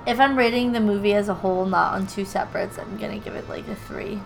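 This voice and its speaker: A woman's voice: mid-range voice, fairly even intonation, fast, gravelly, music in the background, poor audio. A woman co-hosting a casual podcast, joking and swearing as she rates a horror movie. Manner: joking, laughing, swearing, fillers. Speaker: podcast co-host. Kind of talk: casual movie review chat.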